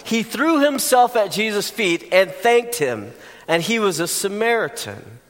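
A man's voice: high voice, sing-song, a little slow, a bit bright, long reverb tail. A man preaching a sermon in a conversational way, with joking asides to the congregation. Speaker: pastor.

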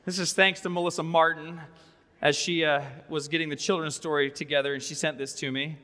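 A man's voice: on the high side, steady tone, brisk, bright, forceful tone. A man pastor giving a sermon, conversational with wry asides, in a church sanctuary. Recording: long reverb of a large sanctuary.

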